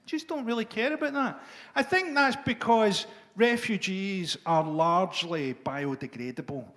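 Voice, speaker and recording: A middle-aged man doing a dark, sardonic stand-up set, swearing freely. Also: sits high, measured pace. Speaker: stand-up comedian.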